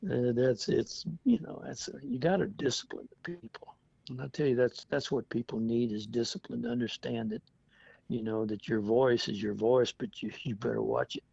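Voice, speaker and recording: A man's voice: mid-range voice, normal speed, dark tone, dry recording. A man in his seventies, a veteran telling stories in an oral history interview, chatty and often laughing as he acts out what people said. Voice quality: gravelly, husky. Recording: dull lo-fi dry recording.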